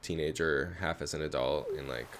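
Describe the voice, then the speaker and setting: A man's voice: very deep voice, normal speed, background noise. A man streaming a game live, chatting casually and rambling with his viewers. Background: game music.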